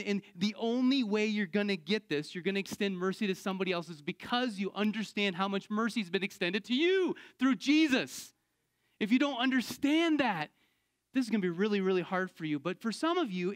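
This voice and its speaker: High, animated man preaching a sermon. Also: brisk, dry recording, studio quality. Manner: emphatic, animated preaching with sudden exclamations. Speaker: pastor. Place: church.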